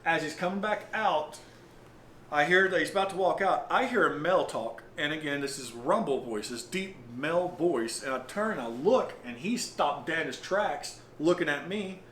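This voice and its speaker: A man, recounting his experiences as owner of an old lodge in a halting, rambling way with lots of fillers. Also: fairly high pitch, animated, a bit bright. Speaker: property owner and paranormal investigator. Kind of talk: casual storytelling interview. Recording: roomy with faint noise.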